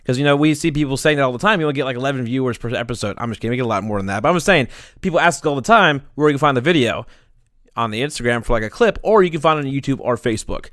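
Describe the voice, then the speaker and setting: Rambling, crude-talking man, smooth voice. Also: medium pitch, expressive, racing, fairly bright tone, no room sound, clean studio sound. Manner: rambling, crude, profane, laughing. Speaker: podcast producer. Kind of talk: casual podcast chat.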